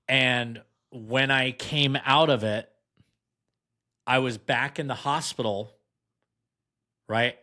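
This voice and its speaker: A young man, a podcast guest, telling a long anecdote in casual chat and acting out what others said. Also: mid-range voice. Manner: animated anecdote, acts out quoted voices.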